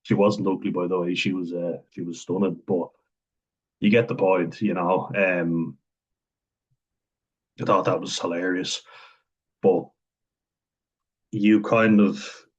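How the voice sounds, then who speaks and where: A man talking casually to camera, thinking aloud with frequent chuckles and pauses. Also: low-pitched, steady tone, slightly rough, lo-fi sound. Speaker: vlogger talking about autism. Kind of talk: casual unscripted monologue.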